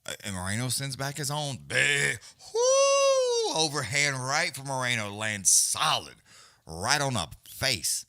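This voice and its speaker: Guy, casual profane fight caller, very animated pitch, dry close mic. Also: measured pace, dry recording. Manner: profane, blunt, loose, Southern-leaning slang. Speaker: fight companion commentator. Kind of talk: casual live fight commentary.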